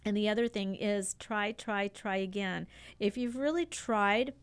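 A woman's voice: medium pitch, unhurried, clean tone. A middle-aged woman hosting a radio talk show, chatting casually with many fillers and restarts. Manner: chatty, warm-hearted with frequent fillers and restarts.

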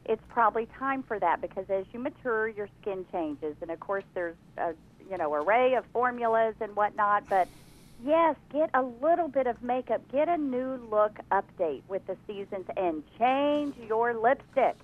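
A woman beauty expert giving brisk advice as a guest on a radio show. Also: fairly high pitch, expressive, phone-quality sound. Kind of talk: phone-in interview.

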